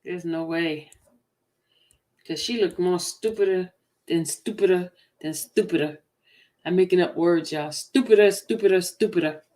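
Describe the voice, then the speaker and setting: A woman's voice: fairly low pitch, steady tone, unhurried, warm tone. A woman hosting commentary, reacting to a book reading with lots of exclamations and talk aimed at her viewers. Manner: laughing, exclaiming, talking to viewers. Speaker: commentary host.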